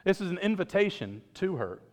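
A man's voice: sits high, big pitch swings, brisk. Man preaching in a reverberant church. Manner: conversational preaching with joking asides. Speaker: pastor. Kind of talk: sermon. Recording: long reverb of a church hall.

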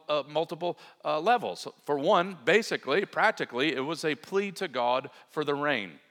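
A male pastor preaches with earnest emphasis, leaning on key words and then easing off into asides for his listeners. His voice sits a little high for a man. The sound has a long reverb tail, as in a large church hall. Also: a bit bright. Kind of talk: sermon.

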